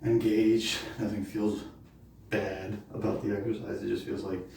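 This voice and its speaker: A man with a low, mellow voice, out of breath and thinking aloud with plenty of fillers between sets of a home workout. He sounds distant from the camera, and the bare room around him rings with heavy echo. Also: level tone, unhurried, creaky, slight background noise. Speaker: vlogger doing a home workout. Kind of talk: casual workout talk to camera. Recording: very echoey room, mic far off.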